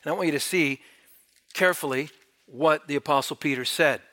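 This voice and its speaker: A man's voice: a little high, a little fast, sharp tone. A man preaching a sermon, reading scripture aloud and pressing the congregation with emphatic rhetorical questions.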